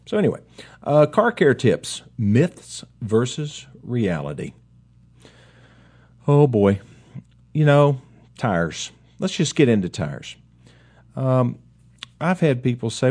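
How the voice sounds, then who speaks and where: A man's voice: mid-range voice, sing-song, slow pace, pauses often, darkish tone, husky. A middle-aged man who owns a car dealership, hosting a casual talk segment in a folksy, rambling way with chatty asides. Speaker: car dealership owner and radio host.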